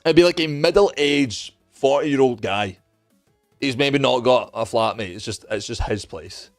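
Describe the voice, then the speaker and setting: A young man telling a story in casual, animated chat, swearing freely and acting out what other people said. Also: medium pitch, unhurried, soft background music. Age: young adult. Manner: animated, profane, acts out other people's lines. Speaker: streamer.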